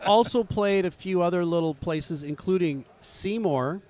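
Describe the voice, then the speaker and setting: A musician guest chatting in a relaxed, rambling way in an outdoor interview. His voice sits a bit higher than most men's. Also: unhurried. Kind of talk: casual interview chat.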